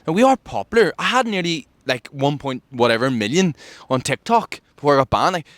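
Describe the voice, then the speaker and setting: A man from Ireland hosting a podcast, telling a story in casual chat and acting out quotes with big jumps in pitch. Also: lively intonation, fairly quick, a bit bright, dry recording. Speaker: podcast host.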